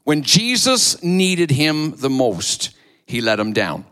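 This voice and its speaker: A man's voice: fairly high pitch, very animated, takes it slowly, a bit bright, clean tone. A man preaching a sermon to his church, retelling a story dramatically and acting out the voices. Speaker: pastor.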